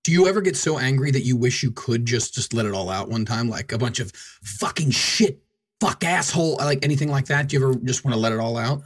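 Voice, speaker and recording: A middle-aged man co-hosting a podcast, jokey and quick to laugh as he chats. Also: lively intonation. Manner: jokey, laughs often, swings his pitch widely. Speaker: podcast co-host. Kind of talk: casual podcast chat.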